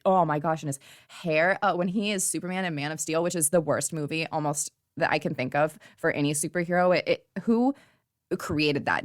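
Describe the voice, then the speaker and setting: A woman talks about films in a casual vlog, swinging between gushing excitement and dry sarcasm. Her voice sits a little low for a woman. The sound is close and dry, with no room around it. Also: no echo. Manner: gushing, animated, sarcastic asides. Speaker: movie vlogger. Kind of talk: casual chat.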